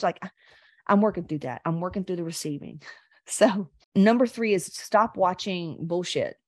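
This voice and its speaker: A woman's voice: lowish voice, brisk, a little mellow, no room sound. Blunt, cursing woman podcast host. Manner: blunt, profane and rambling; speaks straight to listeners. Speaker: podcast host and health coach. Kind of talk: casual unscripted coaching talk.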